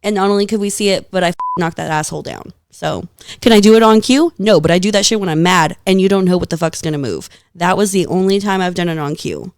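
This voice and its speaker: A woman guest on a podcast, telling stories in a lively, casual way, swearing freely and laughing often. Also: lowish voice, fast, clean tone, dry recording, clean studio sound. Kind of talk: casual storytelling chat.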